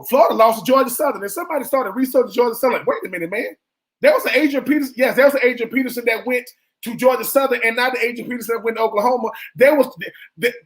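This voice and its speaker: A man's voice: very high-pitched, fairly bright tone. A man co-hosting a sports radio show, a former college football player making his case with emphatic, repeated points.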